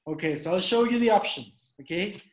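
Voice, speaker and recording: A man's voice: high-pitched, brisk. Echoey-room male English teacher. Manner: repeats questions, drills pronunciation. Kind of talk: online class teaching. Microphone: video call.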